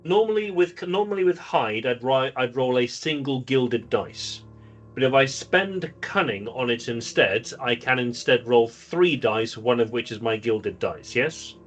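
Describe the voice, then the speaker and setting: A man's voice: mid-range voice, animated, measured pace, soft background music. A man playing a tabletop role-playing game, chatting and working out his dice rolls aloud. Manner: chatty, works through dice rules aloud. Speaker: player. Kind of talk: casual tabletop play.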